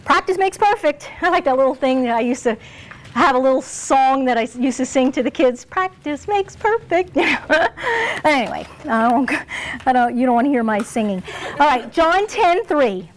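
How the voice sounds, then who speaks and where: A woman's voice: sits high, animated, a little fast. A woman preaching a sermon in a conversational way, laughing often and acting out quoted lines.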